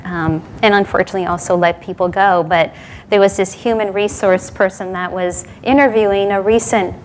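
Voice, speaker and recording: A woman's voice: mid-range voice, slight background noise. A middle-aged woman from New York City giving a Sunday service talk, telling stories and chuckling between lines. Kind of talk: sermon with told stories and jokes.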